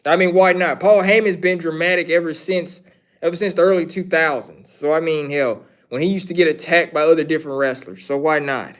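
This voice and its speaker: A man's voice: on the high side, fairly quick, fairly bright tone. A man hosting a casual livestream, answering chat questions in a rambling, opinionated way and repeating his points. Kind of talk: casual wrestling commentary.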